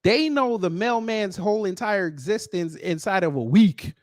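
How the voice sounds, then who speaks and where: A man hosting a reaction commentary channel, talking in an animated, sardonic, conversational way. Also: sits high, moderate pace, no room sound, clean studio sound.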